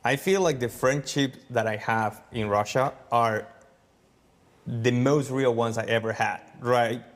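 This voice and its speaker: A man from the United States in a casual conversation, animated and acting out little quoted exchanges as he speaks. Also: medium pitch, a little slow. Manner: animated, acts out quoted dialogue. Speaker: foreign resident interviewed in a clip. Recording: long reverb in the room.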